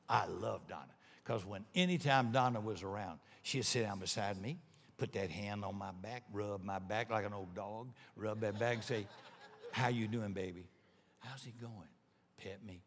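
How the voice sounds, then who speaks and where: A man's voice: fairly low pitch, fairly bright tone, slight background noise. A man preaching a sermon as pastor, talking to his congregation in a conversational, emphatic way with joking asides. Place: church sanctuary. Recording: long hall reverb.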